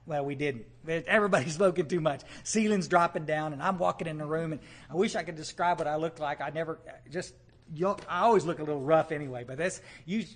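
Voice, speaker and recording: A man telling his recovery story to a live meeting in a folksy, animated way, often checking in with the audience. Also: on the high side.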